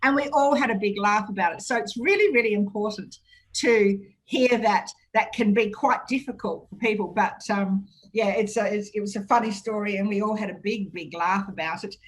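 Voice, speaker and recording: A woman with an Australian accent hosting a radio talk show, telling stories in a chatty, frank and lively way. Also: medium pitch, normal speed. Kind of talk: casual radio interview.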